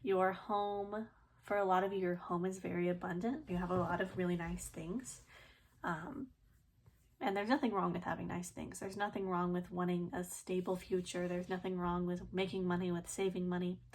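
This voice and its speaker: A woman's voice: fairly low pitch, normal speed. A woman giving a casual, chatty tarot reading to her viewers, with loose fillers and a slightly itchy throat. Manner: chatty, relaxed, many fillers and soft laughs. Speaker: tarot reader.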